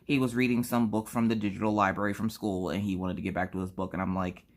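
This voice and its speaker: A mother vlogging at home at night, retelling her family's day in an animated, dramatic way, often tagging "okay?". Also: extremely low pitch, fast talker. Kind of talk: casual storytelling to camera.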